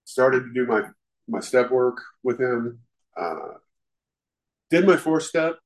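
A man's voice: medium pitch, big pitch swings, takes it slowly, low-quality recording. A man giving candid personal testimony at a recovery meeting, self-deprecating and peppered with "you know". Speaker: speaker sharing at a recovery meeting.

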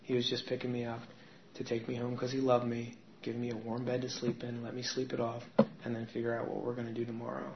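A man speaks candidly and conversationally, sharing his own story with a meeting. His voice is gravelly at a middling pitch. The sound is dull and roomy, with faint noise underneath. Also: monotone, quick pace. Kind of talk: personal testimony to a meeting. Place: meeting room with an audience. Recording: echoey room, dull lo-fi sound.

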